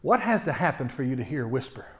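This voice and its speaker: A male pastor, preaching a folksy sermon that swings from loud to hushed and often repeats his opening words. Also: mid-range voice, big pitch swings, fast. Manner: repeats words when starting sentences.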